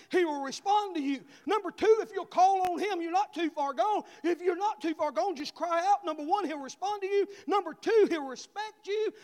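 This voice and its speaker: High-voiced preacher, reverberant hall. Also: male voice. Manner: call-and-response preaching, swings between shouting and hushed tenderness. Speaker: pastor. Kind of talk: sermon. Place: church sanctuary.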